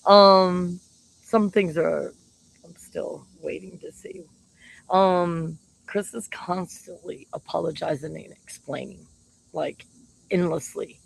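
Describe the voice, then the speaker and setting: A woman's voice: fairly low pitch, gravelly, dry recording, rough recording. A woman talking casually about her partner, chatty and laughing often. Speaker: shaman. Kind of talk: casual monologue to camera.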